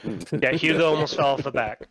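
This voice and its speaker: A man narrating as dungeon master in an online tabletop game, halting and full of fillers. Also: on the high side, a bit bright.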